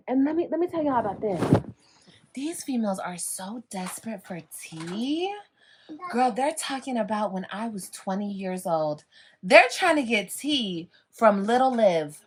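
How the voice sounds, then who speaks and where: A woman's voice: mid-range voice, animated, unhurried, slight background noise. A woman in her thirties venting to her viewers in a sassy, mocking and profane way. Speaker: livestreamer. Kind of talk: venting to viewers, played clip. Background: child whining.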